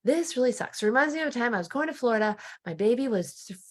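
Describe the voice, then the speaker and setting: A woman in her forties talking casually to camera as a life coach, chatty and animated, often laughing at herself. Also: fairly high pitch, rapid-fire.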